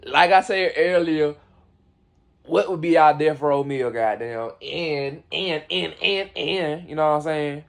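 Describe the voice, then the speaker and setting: A man's voice: on the high side, measured pace, creaky. A young man hosting a reaction video, bantering casually in loose slang and laughing often, recorded outdoors on a windy day.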